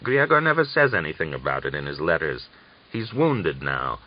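A man voicing an aging peasant father, anguished and hot-tempered, pleading and rising to shouts, in a dull lo-fi recording. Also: rumbling low, very animated, moderate pace, full character voice. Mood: distressed.

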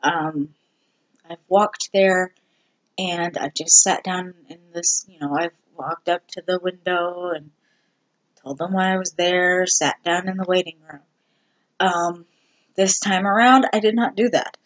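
A vlogger giving a candid personal update, talking slowly and haltingly with many ums and restarts. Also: mid-range voice, fairly even intonation, a bit bright. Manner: candid and self-deprecating. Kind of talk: casual personal health update.

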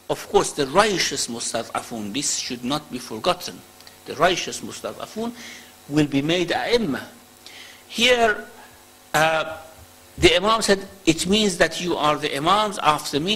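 Man lecturing on scripture, bright forceful voice. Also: fairly high pitch, slightly rough, rough recording. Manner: explains slowly, recites Arabic verses in quick chant. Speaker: Islamic lecturer. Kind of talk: religious lecture on Quranic verses.

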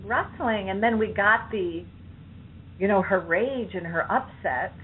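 Brief: woman, halting and unsure, mid pitch, tinny phone-line sound with faint hiss. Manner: hesitant, halting, many fillers. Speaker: client in a demo session. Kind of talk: recounting a childhood memory.

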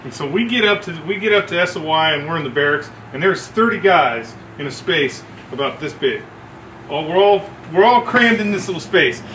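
A man telling a profane story about boot camp among coworkers, acting out shouts as he goes. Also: a little high, normal speed, roomy sound, slight background noise, rough recording. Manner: animated, swearing, acts out shouts. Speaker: former Marine telling a story.

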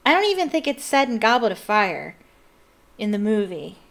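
A woman's voice: mid-range voice, very animated, moderate pace, creaky. A woman hosting a casual read-aloud, chatting in rambling, giggly asides. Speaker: reader and host.

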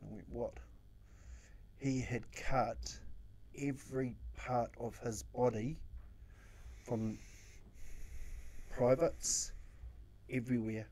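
Mellow-voiced New man telling stories. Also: medium pitch, fairly even intonation, takes it slowly, long pauses. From New Zealand. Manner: acts out his own quotes, swears freely. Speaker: social worker guest. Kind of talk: casual interview storytelling.

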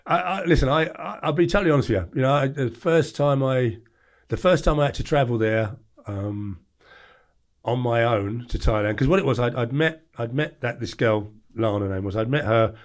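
A man in his forties from England, a podcast guest telling a story in a blunt, lively way and acting out the lines of others. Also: mid-range voice, normal speed. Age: 40s. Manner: blunt, animated storyteller who acts out quoted lines. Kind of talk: storytelling interview.

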